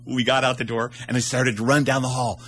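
A man's voice: medium pitch, little pitch movement, fairly quick, a bit bright, a little hiss or hum. A man telling a childhood story in a live storytelling performance, acting out the characters with raised voices.

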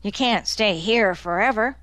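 A woman reading the lines of a big, slow-witted young man who grumbles and gets defensive. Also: mid-range voice, fairly bright tone, no room sound, natural voice. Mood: sullen, grumbling.

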